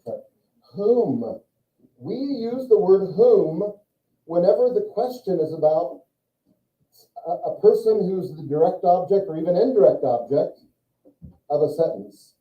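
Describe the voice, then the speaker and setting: A male teacher giving a classroom lecture, talking casually and asking his students questions. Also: a little high. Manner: conversational, asks the class questions. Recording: echoey, distant, muffled classroom recording.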